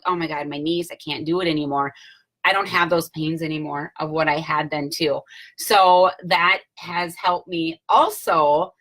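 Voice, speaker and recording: Chatty rambling woman with a bright voice. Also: lowish voice, poor audio. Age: late 30s. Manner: chatty, rambling, many fillers and restarts. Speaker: vlogger selling CBD oil. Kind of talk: casual testimonial talk to camera. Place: home.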